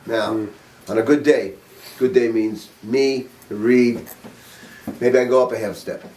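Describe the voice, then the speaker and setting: A man's voice: mid-range voice, steady tone, measured pace, noisy background. A man in his sixties giving a saxophone master class to a group in a studio, casual and demonstrative with offhand jokes. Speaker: saxophone teacher. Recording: roomy room, mic at a distance.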